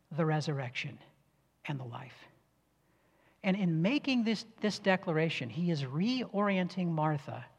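A male preacher delivering an earnest, emphatic sermon, dropping low and soft on key phrases. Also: breathy edge. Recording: long reverb of a church hall.

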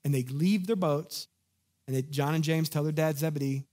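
A man preaching a sermon in an animated, conversational way, acting out the lines of the people in his story. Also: fairly high pitch, moderate pace. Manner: animated, conversational, acts out quotes. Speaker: pastor.

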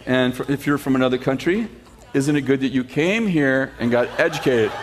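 Male pastor, mid-pitched, lively joking storyteller in the pulpit. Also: slight background noise. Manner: animated storytelling with sarcastic humor and laughs; reads scripture slowly and steadily. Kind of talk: sermon.

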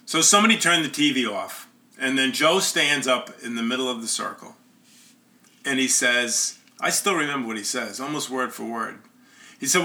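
Earnest man with a bright, forceful voice. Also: mid-range voice, moderate pace. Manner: earnest, conversational. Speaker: storyteller. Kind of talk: first-person storytelling.

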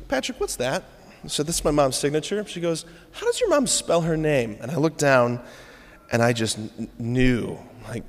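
A man's voice: on the high side, fairly bright tone. A man giving a conversational sermon, telling a candid personal story with a self-deprecating manner and frequent asides to the congregation. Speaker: preacher. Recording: long reverb of a large hall.

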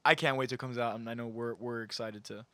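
A man talks quickly with a bright, forceful tone and an upbeat manner. He hosts a casual group chat and keeps prompting the others in a dry, close sound. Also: medium pitch, fairly even intonation, dry recording. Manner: upbeat, steers the talk, asks questions. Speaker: podcast host.

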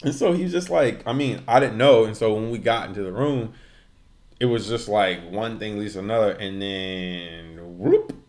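A man's voice: on the low side, a little fast. A man casually chatting as podcast co-host, retelling a story and acting out the people in it, swearing freely. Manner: animated storyteller, acts out quotes, swears freely.

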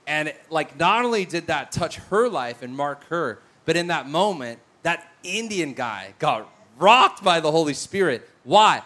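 A male preacher telling stories in a sermon, acting out the voices of the people in them. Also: high-pitched. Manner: animated, acts out voices in his stories. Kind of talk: sermon with storytelling.

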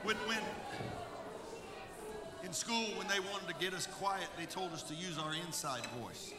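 A pastor preaching a fiery sermon to his congregation, dropping to quiet asides and then building into shouted calls. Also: sits high, expressive, a little slow. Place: church sanctuary with congregation. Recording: echoey church hall with congregation noise.

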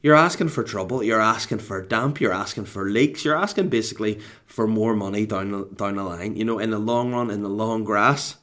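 A dad with a Scottish accent tells a rambling, sweary story to camera at home, full of comic exasperation. His voice is lowish and a bit bright, and he talks fairly quickly with few pauses.

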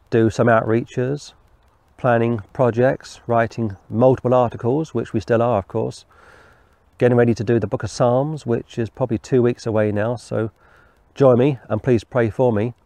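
A man's voice: medium pitch, fairly even intonation, a little slow, gravelly, dark tone, no room sound. A man giving an informal Bible teaching in a rambling, conversational way, with asides and restarts. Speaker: preacher.

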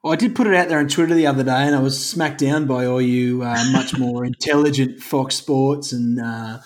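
A man's voice: on the high side, darkish tone. An Australian man hosting a rugby podcast, chatty and jokey as he moves the talk along. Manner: chatty, jokey, leads the segments. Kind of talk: casual chat.

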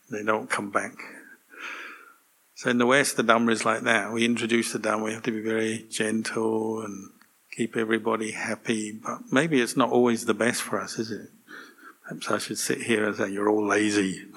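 A man, a monk, giving a relaxed, gently humorous dharma talk to a meditation group. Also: fairly low pitch, gravelly.

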